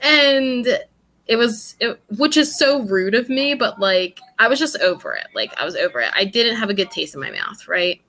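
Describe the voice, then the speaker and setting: A woman's voice: on the high side, lively intonation, normal speed, bright, forceful tone. A young woman from New York, co-hosting a podcast and chatting casually, blunt and rambling, laughing often. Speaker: podcast co-host. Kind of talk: casual chat.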